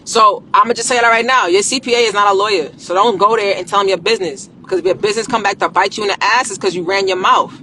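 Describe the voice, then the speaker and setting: A woman's voice: mid-range voice, quick pace, few pauses, a little hiss or hum. Blunt slangy woman coaching on a live stream. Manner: blunt, animated, slangy, swears freely. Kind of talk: casual live-stream talk.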